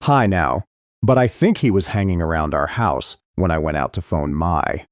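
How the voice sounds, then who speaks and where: Deep-voiced expressive male audiobook narrator. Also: normal speed, no room sound, clean studio sound. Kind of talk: scripted first-person thriller narration.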